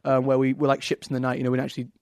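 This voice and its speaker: A man's voice: medium pitch, monotone, rapid-fire, darkish tone, dry recording, studio quality. A man with an English accent, a guest talking casually on a podcast, hesitant with fillers and restarts. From England. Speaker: actor guest.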